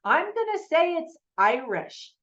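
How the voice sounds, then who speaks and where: A woman's voice: very high-pitched, sing-song, a little slow, fairly bright tone, muffled recording. An American woman giving a casual, chatty spoken movie review, talking to the viewer with lots of asides. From United States. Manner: chatty and conversational, with frequent fillers and asides.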